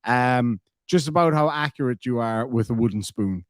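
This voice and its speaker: A man's voice: mid-range voice, normal speed, dry recording, studio quality. A man with a Cork Irish accent chatting on a live stream, reading donations and reacting with sweary, joking banter.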